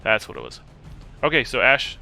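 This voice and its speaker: A man's voice: mid-range voice, huge pitch swings, normal speed, gravelly, bright, forceful tone, no room sound, soft background music. A man acting as game master in a casual tabletop game session, talking loosely with many fillers and restarts.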